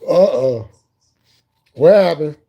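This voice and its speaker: A man hosts a casual live stream, laughing almost nonstop as he jokes with viewers in the chat. His talk is loose and profane, full of repeated phrases. His voice has a mellow, darker tone. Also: a little high, animated, takes it slowly.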